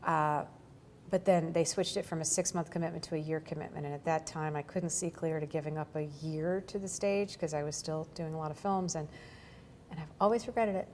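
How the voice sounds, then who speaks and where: A woman in her forties chats through an interview with a fairly low voice. She tells her stories with energy, piles on fillers and laughs often, over a faint low rumble. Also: brisk. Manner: animated storytelling, laughs often, many fillers. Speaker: actor guest. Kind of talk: casual interview chat.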